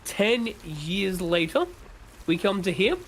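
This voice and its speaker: A man with a notably high voice holds forth in casual chat on a gaming stream. He rants with strong opinions and swears often, over a faint hiss of background noise. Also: takes it slowly. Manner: animated, opinionated ranting with swearing. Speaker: streamer co-host.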